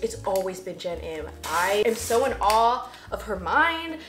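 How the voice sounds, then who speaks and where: A woman's voice: mid-range voice, very animated, unhurried, a bit bright, reverberant. A woman in her twenties, a YouTuber chatting casually through an unboxing vlog, bubbly and giggly with emotional asides. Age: 20s.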